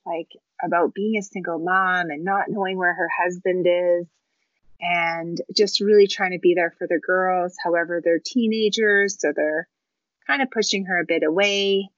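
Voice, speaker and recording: Woman, book-chat guest, chatty and low-pitched, dry audio. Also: fairly even intonation, normal speed, no room sound. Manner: chatty, informal summarizing. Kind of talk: casual chat. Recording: dry, slightly muffled audio.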